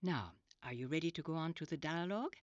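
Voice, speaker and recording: Patient woman teaching in a deep voice. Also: lively intonation, quick pace, dry recording. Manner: clear, patient, instructive. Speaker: language teacher. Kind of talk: scripted lesson narration. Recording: dull lo-fi audio.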